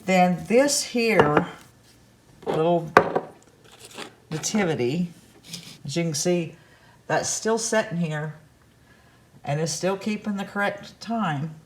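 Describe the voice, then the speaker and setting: A woman's voice: lowish voice, takes it slowly, long pauses, a little hiss or hum. A woman hosting a crafts vlog from her home kitchen, chatting casually to camera in a rambling way with folksy asides. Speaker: crafts vlogger host.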